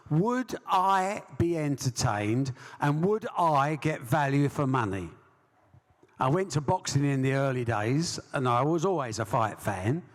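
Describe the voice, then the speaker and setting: Brash English promoter spinning yarns onstage; long hall echo. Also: male voice, fairly high pitch. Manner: brash anecdotal storyteller, acts out voices. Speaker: sports promoter, interview guest. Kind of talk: storytelling interview. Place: live stage event.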